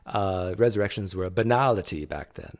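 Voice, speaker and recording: A man's voice: low voice, lively intonation, a little fast. A man hosting a reaction video, arguing casually and addressing the speaker in the clip directly. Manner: argumentative, talks back directly to the speaker on screen. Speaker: video host reacting to clips.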